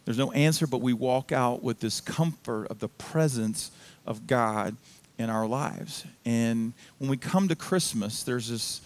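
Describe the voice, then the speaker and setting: A man's voice: medium pitch, a little slow. Casual storytelling male pastor. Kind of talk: sermon. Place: church sanctuary.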